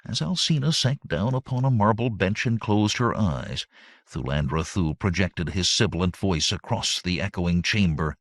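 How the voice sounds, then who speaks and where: A man narrates a fantasy audiobook in a very low voice with a lively, wide-ranging delivery. His reading is expressive and dramatic. The sound is dry and close, with no room echo. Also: normal speed.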